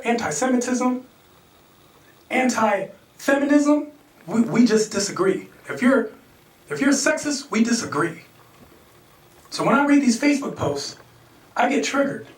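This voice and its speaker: An animated American man performing stand-up comedy, acting out characters in sudden high voices and laughing at his own jokes. The sound is roomy and distant, picked up by a stage mic far from his mouth. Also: normal speed, pauses often. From United States.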